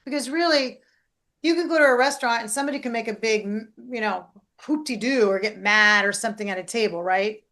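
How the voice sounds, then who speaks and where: A middle-aged woman, a life coach and podcast host, talking in a casual, animated way and often checking in with "right?". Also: a little high, fairly quick. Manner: animated, keeps adding "right?".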